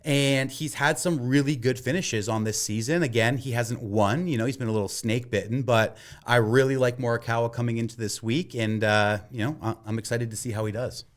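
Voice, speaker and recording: A man's voice: mid-range voice, fairly even intonation, fairly quick, hardly any pauses. A man co-hosting a podcast with his brother, chatting casually and hesitantly, with frequent restarts and fillers. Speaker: podcast co-host, golf betting. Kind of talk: casual chat.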